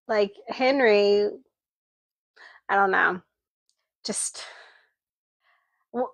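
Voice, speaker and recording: This woman's voice sits a little high, and the recording is dry. Co-hosting a book club, she relays the story with animation in a casual chat, performing character dialogue as she goes.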